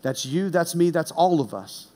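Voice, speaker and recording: Animated high-voiced male preacher. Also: normal speed. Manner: animated storyteller, shouts punchlines, drops low for serious points. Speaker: pastor. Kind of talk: sermon with personal story.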